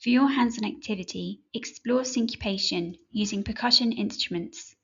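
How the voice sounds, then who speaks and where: A woman narrating a children's music lesson in a clear, measured, instructive way. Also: fairly high pitch, fairly bright tone, muffled recording. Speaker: music teacher. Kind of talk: scripted educational narration.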